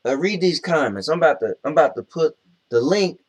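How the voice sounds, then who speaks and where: A man's voice: a little high, animated, brisk, close to an everyday voice. A man playing Duke, a brash, boastful Southern man with a Southern US accent, co-hosting a comedy show and bragging through the viewer comments. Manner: boastful, blustery, laid-back drawl. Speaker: co-host. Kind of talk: comedic character chat reading comments.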